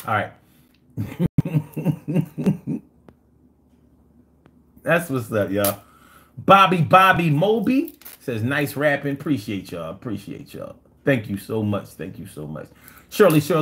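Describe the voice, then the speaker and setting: A man's voice: mid-range voice, big pitch swings, takes it slowly, long pauses, a bit bright. A man hosting a live call-in stream, talking loosely and playfully, reading chat messages aloud and using slang. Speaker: livestream talk show host.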